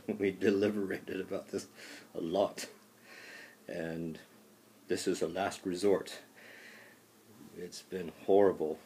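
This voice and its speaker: A man's voice: deep voice, dark tone, slight background noise. A male professor voicing a George Washington figure in a playful, mock-solemn classroom bit.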